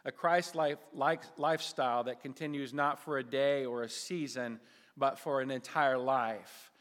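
A man's voice: mid-range voice, steady tone, a bit bright. Emphatic male pastor in a reverberant sanctuary. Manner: emphatic, slowing down to stress key phrases. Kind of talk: sermon.

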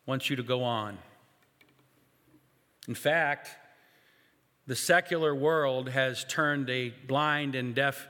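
A man preaching a sermon, speaking in measured phrases with pauses and rhetorical questions to his congregation. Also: mid-range voice, bright, forceful tone. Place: church sanctuary. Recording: echoey church hall with long reverb.

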